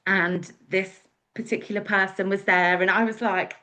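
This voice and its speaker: A woman from England shares her own story as a guest speaker, chatty and candid, acting out quotes along the way. Her medium-pitched voice is steady and sharp, moving at a moderate pace.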